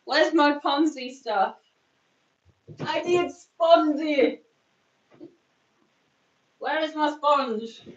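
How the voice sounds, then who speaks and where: A woman's voice: sits high, voice pushed up. A woman putting on a frantic mock-Russian lady. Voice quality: broken grammar, drawn-out words. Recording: roomy, distant, dull sound.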